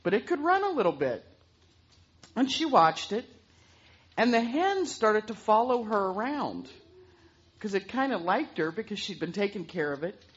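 A woman telling a story aloud in an animated way, throwing in sound effects. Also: mid-range voice, normal speed, long pauses, breathy edge, highs cut off. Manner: lively, with vocal sound effects.

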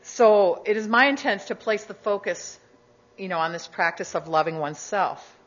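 A woman guest speaker giving a reflective sermon-style talk to a congregation, gentle and measured, with conversational asides. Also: medium pitch. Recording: dull lo-fi recording.

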